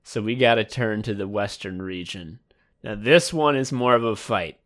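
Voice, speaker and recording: A man's voice: on the low side, moderate pace, a bit bright. A man co-hosting a comedy podcast, rambling in a mock sports announcer manner. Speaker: podcast co-host.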